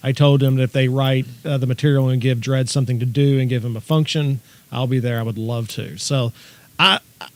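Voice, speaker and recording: A man co-hosting a casual podcast chat, telling stories quickly and excitedly and reading news items aloud. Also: mid-range voice. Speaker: podcast co-host.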